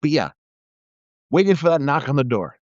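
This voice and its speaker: Fairly high-pitched and a little mellow, a middle-aged man who used to be a police officer swings his pitch widely at a moderate pace while ranting about politics on a live video. He's profane and sarcastic, slipping into mocking voices, and the phone or webcam audio is dull and dry, with no room sound.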